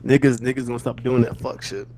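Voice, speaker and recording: A man's voice: medium pitch, flat delivery, quick pace, warm tone. A man co-hosting a casual podcast chat, laid-back, slangy and profane, often laughing. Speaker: podcast co-host.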